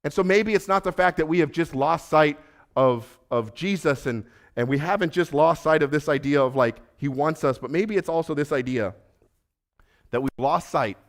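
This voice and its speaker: A man preaching a sermon, acting out the voices of Jesus and Peter and moving between loud, urgent lines and soft, hushed ones. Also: a little high, normal speed. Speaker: pastor.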